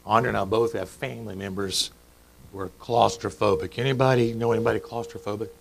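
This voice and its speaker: A man's voice: fairly low pitch, steady tone, quick pace, creaky, poor audio. A middle-aged man preaching a sermon in a church, chatty and joking, quizzing the congregation. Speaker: pastor. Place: church sanctuary.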